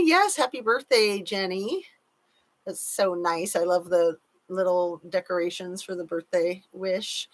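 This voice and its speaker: Taking her time, a woman with a voice on the low side leads a casual live chat. She's chatty and careful with hedges as she reads comments from viewers aloud.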